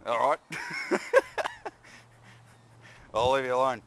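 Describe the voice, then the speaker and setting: A man filming outdoors, teasing and drawling in a relaxed way with frequent chuckles between remarks. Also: medium pitch, slow. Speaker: person filming a street encounter. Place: outdoors by a road, rural. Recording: noisy outdoor camera audio.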